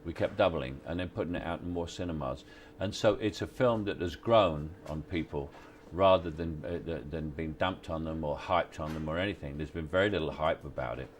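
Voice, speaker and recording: A man, giving relaxed, halting interview answers on location at a film set, with many restarts and wry chuckles. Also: rumbling low, a little hiss or hum. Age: 60s. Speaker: actor interviewee.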